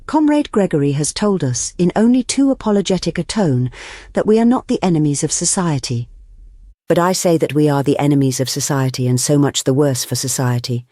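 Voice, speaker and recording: A fiery young male anarchist speaker, as an audiobook narrator puts him on rises to a high, ringing shout. The delivery is forceful and declamatory. The recording is dry and close. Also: lively intonation, fairly quick, no room sound, close to an everyday voice. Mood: defiant. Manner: thundering declamation, raised high. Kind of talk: audiobook reading.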